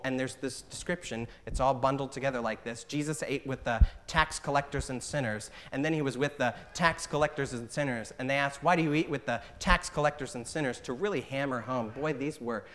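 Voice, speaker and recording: An earnest man preaching from the pulpit in a mid-pitched voice. He reads scripture slowly and with weight. He explains plainly between readings. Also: fairly bright tone. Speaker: pastor. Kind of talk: sermon.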